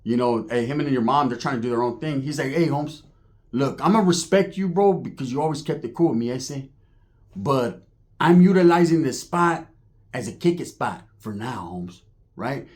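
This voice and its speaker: A man's voice: mid-range voice, expressive, moderate pace, darkish tone. A man with a Californian accent telling a rambling, profane street story full of slang and acted-out quotes.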